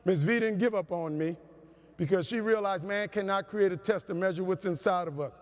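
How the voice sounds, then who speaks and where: High-voiced man telling stories in a big hall. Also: brisk. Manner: animated, humorous, preacher-like cadence. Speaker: motivational speaker. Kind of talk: storytelling keynote speech. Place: large conference hall. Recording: long hall reverb.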